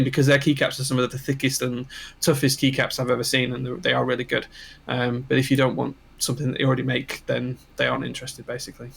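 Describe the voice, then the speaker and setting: A man's voice: medium pitch, gravelly, sharp tone, breathy edge. A man co-hosting a casual livestream, chatty and rambling with frequent ums. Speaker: co-host.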